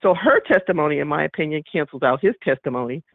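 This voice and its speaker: A man's voice: fairly high pitch, lively intonation, fast, creaky, no echo. A man calling in to a radio show, telling his story emphatically and acting out the dialogue. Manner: indignant, emphatic, acts out quoted dialogue. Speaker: caller. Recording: tinny phone line, dry.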